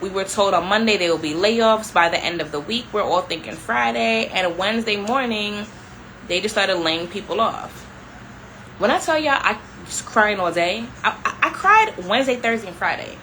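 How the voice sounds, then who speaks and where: A young adult woman vlogs to her viewers in a casual, storytelling chat. Her voice is bright and forward, and her delivery is animated and conversational, full of "like" and asides to y'all. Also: mid-range voice, normal speed, a little hiss or hum, rough recording. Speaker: vlogger.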